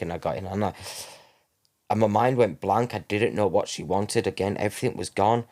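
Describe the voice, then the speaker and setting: A man's voice: sits low, creaky, a little mellow. A man, telling a personal story in a rambling way, correcting himself and acting out what people said. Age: 30s. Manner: rambling, self-correcting, acts out quoted dialogue. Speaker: guest.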